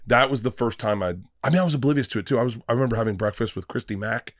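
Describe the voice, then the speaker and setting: Rapid-fire and mid-range, this man's voice carries a comedian's podcast storytelling: casual, animated, full of acted-out voices and free swearing. The studio sound is clean, with no room sound.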